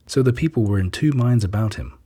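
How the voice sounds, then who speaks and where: Man reading scripture, low husky voice, steady pace. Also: quick pace. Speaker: reader.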